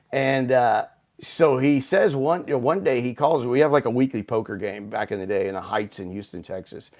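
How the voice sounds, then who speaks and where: A man as a podcast guest, telling animated anecdotes in casual talk, full of "like" and "you know". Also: mid-range voice, brisk. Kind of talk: casual storytelling.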